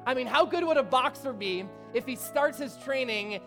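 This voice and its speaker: A man's voice: very high voice, moderate pace, hardly any pauses. Passionate man preaching with rhetorical questions. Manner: energetic, rising to near shouting, with rhetorical questions. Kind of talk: sermon. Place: church sanctuary. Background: faint instrument music.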